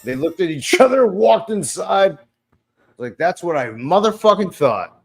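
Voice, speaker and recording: A man's voice: high-pitched, sing-song, measured pace, gravelly, breathy edge. Profane, heated storyteller man in his forties. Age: 40s. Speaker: former podcast host. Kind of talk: casual podcast chat.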